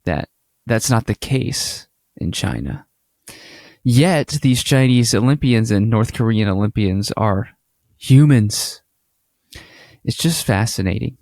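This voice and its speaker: A man co-hosting a casual podcast, chatty and animated as he tells stories. His voice sits in a middle register. He slips into little acted-out exchanges. The sound is close and dry, with no room around it. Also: mid-range voice, slow, creaky, pauses often, no echo. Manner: animated storytelling, acts out quoted exchanges. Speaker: podcast co-host.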